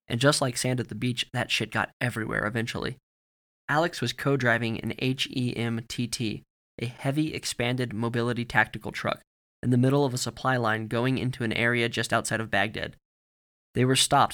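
A male narrator reads a story in a steady, measured voice. His tone is bright and forceful, and his pitch sits in a middle range. The delivery is scripted audiobook narration.

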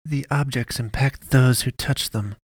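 A man's voice: mid-range voice, unhurried, husky, no echo, studio quality, voice pushed up. A man voicing an inhuman female priest who looks like a girl, speaking in curt, growled demands. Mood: cold demanding.

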